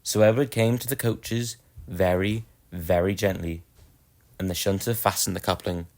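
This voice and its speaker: A man narrating a children's storybook in a gentle, expressive way. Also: low voice, moderate pace, vocal fry.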